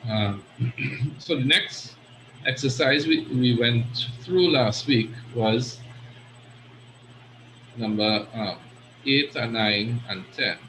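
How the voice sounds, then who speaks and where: A man's voice: mid-range voice, slow, pauses often, sharp tone. A man teaches an Arabic grammar lesson, patiently walking his students through each point and checking in with "right?" after each one. His voice sits in a middle range. The recording has a roomy echo and a faint hum of ambience behind it. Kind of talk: online class lesson.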